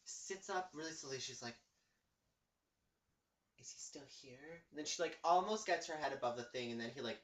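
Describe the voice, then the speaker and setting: A man's voice: on the high side, lively intonation, fast talker, few pauses, roomy sound. A man co-hosting a casual episode recap, chiming in with short quips and quoted lines. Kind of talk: casual chat.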